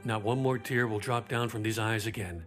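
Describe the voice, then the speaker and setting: An actor playing a devoted lover in a dubbed TV drama, soothing and reassuring. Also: male voice, fairly low pitch, fairly even intonation, moderate pace, fairly bright tone, soft background music, natural voice. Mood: tender.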